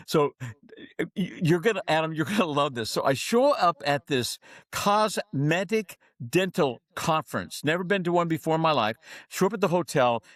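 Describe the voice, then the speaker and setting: A man's voice: a little high, normal speed, no room sound. A middle-aged man telling stories as a guest on a podcast interview, acting out the voices of people in his anecdotes. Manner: animated storyteller, acts out dialogue. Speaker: guest, keynote speaker.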